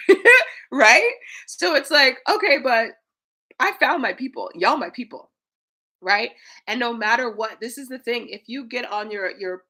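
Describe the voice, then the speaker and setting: A woman in her thirties, a spiritual coach giving an energetic, preachy livestream talk to her viewers, swearing casually. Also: fairly high pitch.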